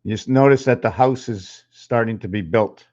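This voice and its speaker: A man talks to his channel in a halting, musing way, counting numbers and spelling letters aloud as he draws. He sounds a little out of breath. His voice sits at a middling pitch, and the recording is slightly dull. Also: a little mellow. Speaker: channel host. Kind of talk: rambling numerology talk while drawing.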